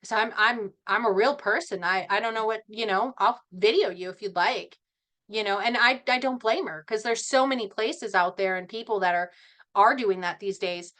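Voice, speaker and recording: A middle-aged woman speaking at a team meeting, animated and passionate, laughing often as she talks. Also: mid-range voice, normal speed. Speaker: network marketing team member.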